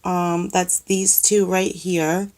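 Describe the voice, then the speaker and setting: A woman with a New York accent chatting slowly through a makeup tutorial in a cluttered room at home. She rambles, fills the gaps with ums and restarts her sentences, and sounds a little nervous in front of the camera. Her voice sits somewhat low. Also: little pitch movement, darkish tone. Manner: self-conscious, says she is nervous on camera. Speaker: makeup vlogger. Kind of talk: casual makeup tutorial chat.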